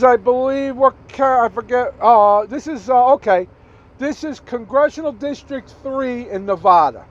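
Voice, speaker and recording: A man with a very high voice that swoops up and down as he rants about politics in a casual vlog. He drags his words out slowly and leans hard on each point. The recording sounds dull and lo-fi. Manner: emphatic, repetitive, swears, stumbles over numbers. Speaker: political vlogger.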